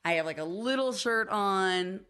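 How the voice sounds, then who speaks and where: Speaking a little slowly in a clean, medium-pitched voice, a podcast co-host in her thirties tells stories during a relaxed conversation. She's an animated storyteller who performs quoted voices and laughs a lot.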